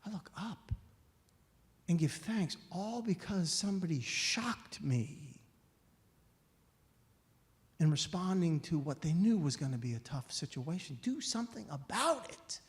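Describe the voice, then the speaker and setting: A man with a slightly high voice gives an inspirational talk in a church sanctuary. He tells his story by acting out the dialogue, and he pleads with the listeners. A long hall reverb trails each phrase. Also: big pitch swings, a little slow, pauses often. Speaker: guest speaker.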